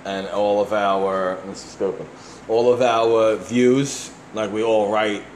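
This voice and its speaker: Podcast host, man, New York accent, deep low voice, blunt and foul-mouthed, roomy echo. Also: steady tone, takes it slowly, darkish tone, a little hiss or hum. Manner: blunt and profane, reading listener emails aloud. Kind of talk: casual podcast chat.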